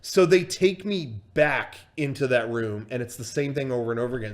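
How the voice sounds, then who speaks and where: A man's voice: mid-range voice, animated, fairly quick, few pauses. A man casually telling a story on a livestream, swearing freely and full of fillers and restarts. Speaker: streamer and storyteller.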